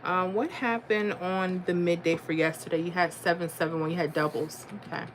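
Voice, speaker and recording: A woman's voice: lowish voice, fairly even intonation, brisk, slight background noise. A woman hosting a casual livestream, reading out viewer comments and talking through number patterns aloud. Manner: chatty, reads viewer comments, thinks aloud over numbers. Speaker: lottery livestream host.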